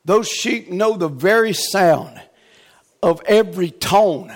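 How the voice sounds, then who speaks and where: A man preaching a revival sermon, swinging from shouted exhortation to hushed, near-whispered tenderness. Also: high voice, animated, slow.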